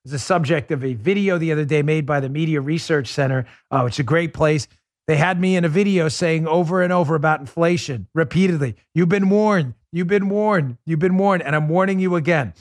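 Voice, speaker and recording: A man's voice: fairly high pitch, quick pace, no room sound, studio quality. Sarcastic man hosting a political talk show. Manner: sarcastic, emphatic, fires rhetorical questions. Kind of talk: political commentary monologue.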